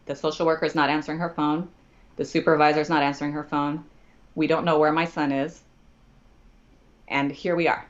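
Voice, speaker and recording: A woman's voice: low voice, flat delivery, fairly quick, long pauses, highs cut off. A woman, a podcast guest, telling a personal story with feeling and acting out each person's words in dialogue, her voice climbing when she speaks as herself in distress.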